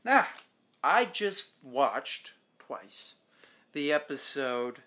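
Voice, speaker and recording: A man's voice: on the high side, big pitch swings, very slow, pushed and bright. A man casually recapping a TV episode as a show host, rambling along and acting out the characters' lines.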